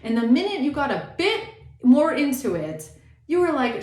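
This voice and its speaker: A woman's voice: high-pitched, sing-song, moderate pace, darkish tone, echoey room. A woman tarot reader giving a blunt, indignant reading and swearing freely.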